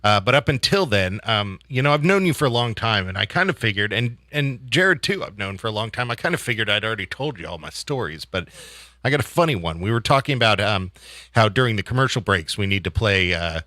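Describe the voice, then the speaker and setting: A man's voice: on the low side, a little fast, no echo. A man hosting a radio show, chatting casually and telling stories with easy laughs. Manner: relaxed storyteller, easy laughs.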